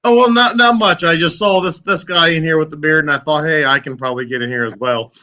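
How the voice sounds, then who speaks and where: Bright-voiced eager male guest. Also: fairly high pitch, fast. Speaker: guest joining the live chat. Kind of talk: casual livestream chat.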